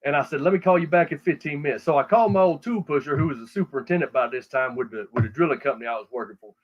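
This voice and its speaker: Racing along in a fairly high voice, a middle-aged man with a Texan accent from South Texas tells a wandering, expletive-laden story, restarting again and again in relaxed podcast talk. The recording sounds dull and lo-fi.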